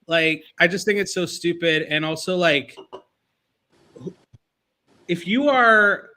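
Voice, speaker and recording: A man with a bright, somewhat high voice rambles through casual podcast chat. He piles up fillers and restarts and chuckles at his own jokes. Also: takes it slowly.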